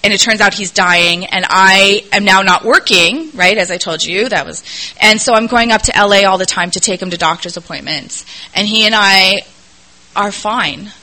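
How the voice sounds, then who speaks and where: A woman's voice: mid-range voice, normal speed, pushed and bright, poor audio. A middle-aged woman telling her recovery story to an audience at a meeting, candid, earnest and self-deprecating. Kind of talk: personal testimony to an audience.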